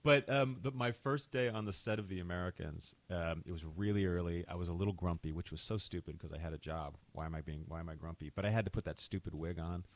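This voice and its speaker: A middle-aged man talks as an interview guest in a low, deep voice. The sound is dry and close. He tells stories with animation, laughs easily and drops into impressions of other people. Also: fast talker, few pauses, dry recording. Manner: animated storyteller, laughs often, mimics voices. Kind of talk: casual interview chat.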